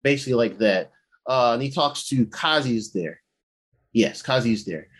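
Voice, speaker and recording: A man co-hosting a casual chat show, recapping an episode in a loose, profane way, jumping between his own voice and quick acted-out paraphrases of characters. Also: breathy edge. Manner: animated pitch swings, excitable. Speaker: podcast co-host recapping episodes.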